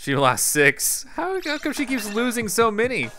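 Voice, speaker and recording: A young man giving casual live commentary on his own gameplay, excitable and quick to break into loud frustration. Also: extremely high pitch, soft background music. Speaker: gaming YouTuber.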